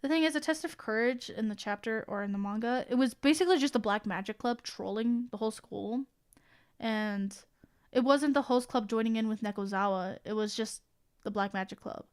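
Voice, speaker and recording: Excitable young woman streamer. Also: fairly high pitch, a little fast, clear, resonant tone. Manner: excitable, rambling, swears freely. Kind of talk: casual chat.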